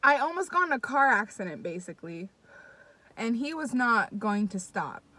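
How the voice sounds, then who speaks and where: A young woman telling a story to her viewers in casual, excitable, profane chat, talking straight to the audience. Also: on the high side, moderate pace, no room sound. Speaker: vlogger.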